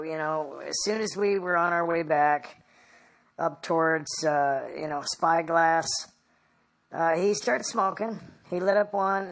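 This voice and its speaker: A woman being interviewed, recounting a personal story in a halting, rambling way. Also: on the low side. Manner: halting and rambling, full of "you know".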